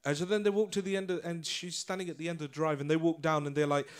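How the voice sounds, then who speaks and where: Man from England, relaxed anecdotal speaker with fillers. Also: on the high side, fast, clear, resonant tone. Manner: casual, storytelling with filler words. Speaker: guest speaker. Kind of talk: anecdotal talk and audience Q&A.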